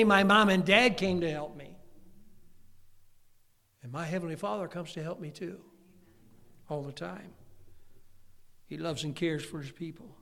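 A middle-aged man preaching a folksy sermon as pastor, going from quiet asides to loud, fervent shouting. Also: high voice, normal speed. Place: church hall. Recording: long hall reverb.

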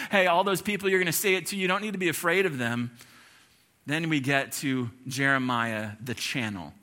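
A pastor delivering a sermon, preaching emphatically with repeated lists and rhetorical questions. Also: male voice, a little high, sharp tone.

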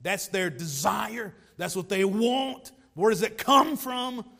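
A male pastor delivers a sermon in a church sanctuary. His voice sits high for a man, and he drives his points with repeated rhetorical questions. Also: takes it slowly, gravelly, pushed and bright. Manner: emphatic preaching with rhetorical questions and repeated phrases.

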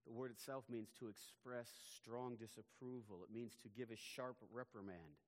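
A man preaching a sermon in an earnest, emphatic way. His mid-pitched voice carries a long reverb through a large hall. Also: steady tone, moderate pace. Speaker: pastor.

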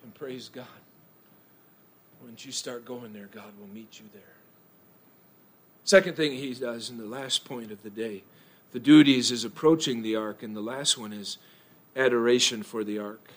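A man preaches a sermon in church at a moderate pace, his delivery shifting between quiet, low passages and loud bursts of passion.

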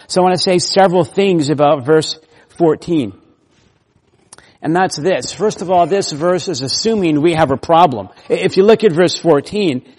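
A man's voice: on the high side, in a large hall. A man preaching an expository sermon, pressing hard on key words and repeating them for emphasis.

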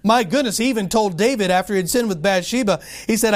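High-pitched pastor guy preaching, emphatic, slows way down on the verses, asks himself questions and answers. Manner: slows down to stress scripture phrases. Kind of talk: sermon.

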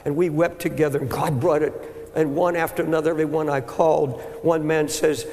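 Older male preacher, impassioned sermon style, high and gravelly, heard in a reverberant church hall. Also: flat delivery. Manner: impassioned, rising to shouts, halting repetitions. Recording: echoey hall with long reverb.

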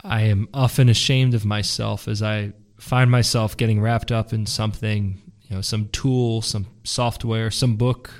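A man hosting an interview, asking measured questions and reflecting aloud. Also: on the low side, fairly even intonation. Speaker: interview host. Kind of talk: conversational interview.

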